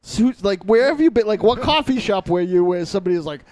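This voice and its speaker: A man's voice: sits high, expressive, fast talker, darkish tone. A man co-hosting a podcast, joking and teasing his friends in casual banter while overheated. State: overheated, sweating. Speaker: podcast co-host.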